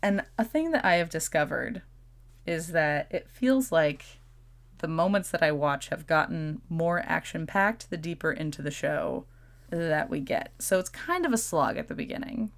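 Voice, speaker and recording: A woman's voice: low-pitched, lively intonation, moderate pace. A woman co-hosting a podcast, chatting playfully and laughing often. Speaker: podcast co-host. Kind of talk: casual chat.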